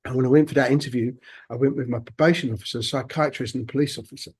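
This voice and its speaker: Husky older guy, mid-pitched, telling his life story slow and halting, lots of restarts. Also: fairly even intonation, darkish tone. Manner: halting, reflective, many restarts. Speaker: podcast guest. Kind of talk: personal storytelling interview.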